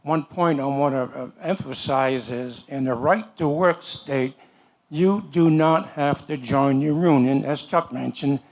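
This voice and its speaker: A man's voice: mid-range voice, unhurried, a little mellow. An older man, a retired worker, making a plain-spoken, folksy comment from the audience at a forum. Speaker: audience member.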